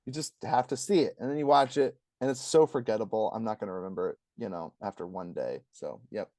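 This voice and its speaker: A man co-hosting a casual review podcast, ranting with energy and acting out quotes in a higher voice. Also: fast talker, dry recording, studio quality. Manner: animated, ranting, acts out quotes in a high voice. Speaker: podcast co-host.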